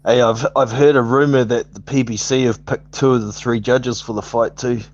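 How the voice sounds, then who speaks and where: A man's voice: medium pitch, fairly even intonation, moderate pace, lo-fi sound. A man chatting casually about boxing as a co-host, easygoing and given to chuckling.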